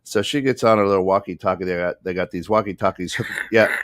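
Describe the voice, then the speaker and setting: A man with a low voice tells a story on a podcast in a relaxed, chatty way. He acts out the people in the story as he goes. The sound is dry and close. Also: brisk, no room sound. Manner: animated, acts out the other people in his story. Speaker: podcast co-host. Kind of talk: casual storytelling.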